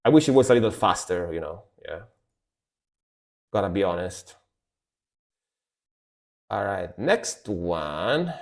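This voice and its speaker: A man's voice: low voice, very animated, slow, long pauses, a little mellow. A man streaming live, reacting to metal music in casual commentary and humming along to riffs. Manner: chatty, scats along to the music.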